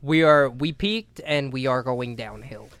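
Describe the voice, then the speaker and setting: Animated bright-voiced man retelling jokes. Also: mid-range voice, a little slow. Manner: animated, loud when quoting others, swears a lot. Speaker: podcast co-host. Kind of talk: casual chat, retelling comedy bits.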